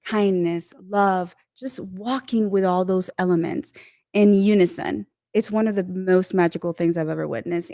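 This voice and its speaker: A woman's voice: lowish voice, darkish tone, no echo. Earnest woman on a dry-sounding panel. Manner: earnest, emotional, speaks of community and belonging. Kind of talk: heartfelt panel talk.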